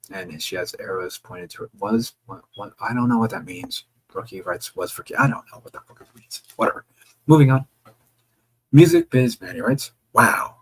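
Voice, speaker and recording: Guy on a livestream going through chat, gravelly kinda husky voice, jokey and swears now and then. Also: mid-range voice, low-quality recording. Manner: casual, joking, with occasional swearing. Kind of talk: reading viewer chat aloud on a livestream.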